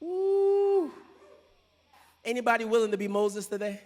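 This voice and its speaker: A man's voice: extremely high pitch, very animated, a little slow, a little mellow. A male preacher giving a sermon in a church, talking casually and folksy, straight to the congregation. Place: church sanctuary with a choir. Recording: long echoey church reverb.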